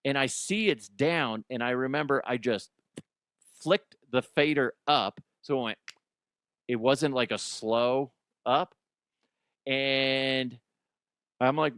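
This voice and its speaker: A man's voice: medium pitch, slow pace, pauses often, a bit bright, clear, resonant tone, dry recording, clean studio sound. A middle-aged man hosting a radio show, telling stories in a profane, self-deprecating, rambling way. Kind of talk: casual comedic talk radio monologue.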